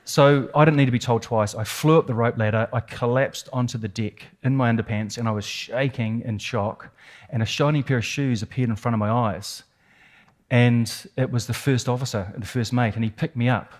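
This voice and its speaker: A man with a New Zealand accent giving a keynote talk, telling a dramatic personal story with vivid, suspenseful detail and emphatic repetition. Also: medium pitch. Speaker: keynote speaker.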